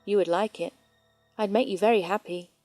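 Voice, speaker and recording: A woman's voice: mid-range voice, brisk, darkish tone, faint music behind, natural voice. A woman voicing a lonely, pushy old man in his late sixties who speaks with a strong foreign accent and keeps pressing a stranger. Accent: strong unnamed foreign accent. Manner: insistent, creepily persistent.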